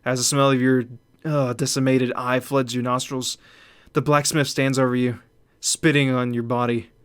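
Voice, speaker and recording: A man's voice: mid-range voice, flat delivery, normal speed, clear, resonant tone. A young man hosting a gaming channel, reading horror game text aloud dramatically and reacting in asides. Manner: reads narration dramatically, then reacts in asides.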